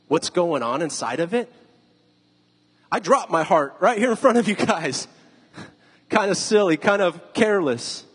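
A man's voice: on the high side, slightly rough, long reverb tail. A pastor giving a conversational sermon, putting questions to his listeners. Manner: conversational, asks the audience questions.

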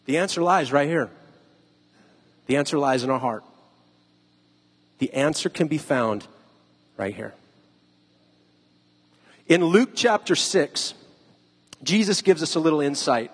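A man's voice: fairly high pitch, expressive, measured pace, long pauses, breathy edge, in a large hall. A pastor giving a conversational sermon, putting questions to his listeners. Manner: conversational, asks the audience questions.

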